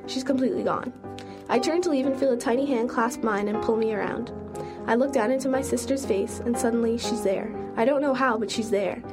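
A young adult woman reading a first-person story aloud in an earnest, steady way. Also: a little high, brisk, over loud music. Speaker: narrator.

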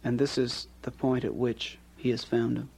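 A man giving a poetry reading of his own work, delivering the lines in a measured, incantatory way with long pauses. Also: medium pitch, flat delivery, creaky, a little mellow, slightly rough, poor audio. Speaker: poet.

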